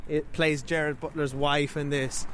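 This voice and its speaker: A man's voice: a little high, little pitch movement, unhurried, a bit bright, a little hiss or hum. A man co-hosting a podcast, chatting casually about a movie and searching aloud for his words. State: parent. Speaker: podcast co-host. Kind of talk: casual film review chat.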